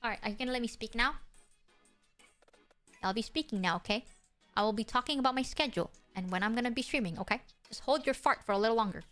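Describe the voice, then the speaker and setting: A woman's voice: fairly high pitch, quick pace, a bit bright, soft background music. A woman streamer chatting casually on a livestream, playful and swearing freely.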